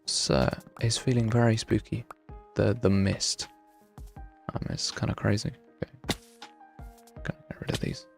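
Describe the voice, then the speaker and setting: A man's voice: lowish voice, flat delivery, a little slow, gravelly, pauses often, soft background music. A young man from the UK, chatting casually and self-mockingly while streaming a game and answering chat. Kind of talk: live gameplay chat.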